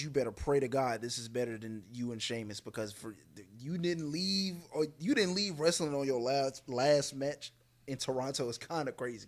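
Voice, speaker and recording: A man co-hosting a podcast, giving casual wrestling predictions with hesitant fillers and joking asides. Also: medium pitch. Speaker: podcast co-host.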